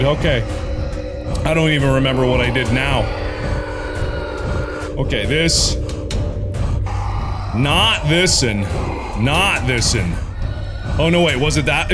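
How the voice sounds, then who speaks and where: Excitable man yelping through horror games. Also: medium pitch. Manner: excitable, yelping, self-mocking. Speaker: gaming video host. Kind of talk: let's play commentary.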